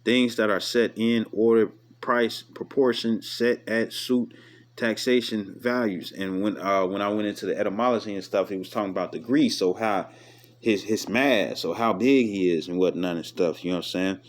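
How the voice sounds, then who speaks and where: Low-voiced man explaining scripture casually. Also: fairly even intonation, a little hiss or hum. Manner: chatty, repeats "you know what I'm saying" often; reads verses aloud slowly with stumbles. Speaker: Bible study teacher.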